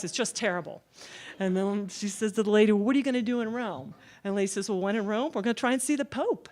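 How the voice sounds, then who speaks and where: Woman telling a story with lively asides. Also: medium pitch. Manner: animated, folksy storytelling with frequent "okay?". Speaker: speaker at a Christian gathering. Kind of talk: storytelling talk.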